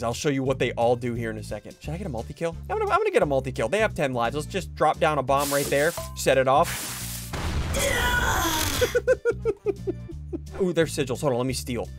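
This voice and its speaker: Young man, gaming host, excited play-by-play, giggly, lively swooping voice. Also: medium pitch. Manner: hyped, giggly, talks to viewers while playing. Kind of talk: excited gameplay commentary.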